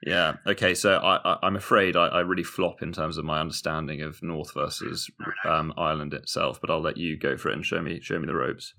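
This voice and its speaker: A man co-hosting a podcast, chatting playfully with sudden jumps in pitch. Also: brisk, gravelly, hardly any pauses. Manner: animated, jumps up high in pitch when joking. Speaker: podcast co-host. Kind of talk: casual chat.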